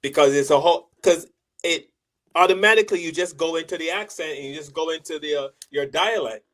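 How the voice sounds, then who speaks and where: Earnest man from Barbados, slightly high voice. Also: a little fast, a bit bright, poor audio. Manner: earnest, reflective, asks for agreement. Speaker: co-host. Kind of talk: casual chat.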